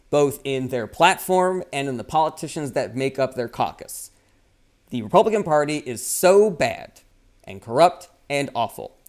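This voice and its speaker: A man's voice: on the high side, a little mellow. A young man hosting a casual live chat, reading viewer questions and answering bluntly, with frequent swearing. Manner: blunt, profane, reads viewer comments aloud and replies.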